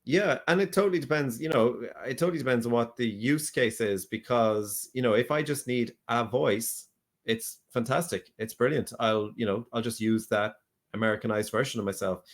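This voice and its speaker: A man's voice: medium pitch, moderate pace. A man with an ordinary mid-range voice co-hosts a podcast in casual chat. He talks hesitantly, restarts his sentences often, and laughs now and then. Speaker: podcast co-host, actor.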